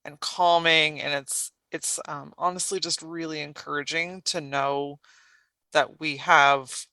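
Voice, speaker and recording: A woman hosting a podcast interview, speaking effusively with halting restarts and repeated words. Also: deep voice, steady tone, bright, forceful tone, dry recording. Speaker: podcast host. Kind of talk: warm conversational podcast interview.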